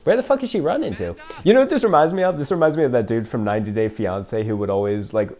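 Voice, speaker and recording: A man's voice: medium pitch, expressive, fast, warm tone. A man reacting to a movie for the first time, joking, sarcastic and swearing freely as he comments. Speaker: film reaction host.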